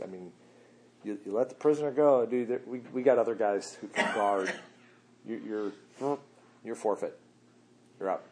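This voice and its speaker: A man preaching a sermon in a loose, slangy way, swinging between quiet asides and loud, animated bursts. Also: fairly low pitch.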